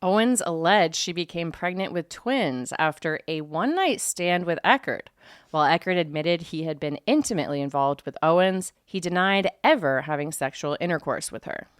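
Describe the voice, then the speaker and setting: A woman's voice: lowish voice, expressive, normal speed, clean tone, no room sound, clean studio sound. A woman co-hosting a podcast, chatting candidly and reacting to gossip news. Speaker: podcast co-host. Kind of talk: casual chat.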